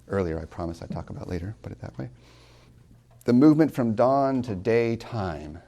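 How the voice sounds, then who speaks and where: A man teaching a class as a college tutor, emphatic, asking rhetorical questions and slowing down to stress key words. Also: low-pitched, gravelly, darkish tone. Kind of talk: classroom lecture on poetry.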